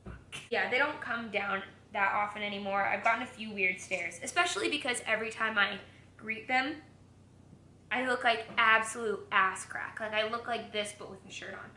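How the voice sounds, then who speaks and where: A woman's voice: mid-range voice, normal speed, pushed and bright, roomy sound, slight background noise. A young woman vlogging while she cooks in her home kitchen, chatting candidly, giggling often and swearing freely. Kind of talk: casual chat.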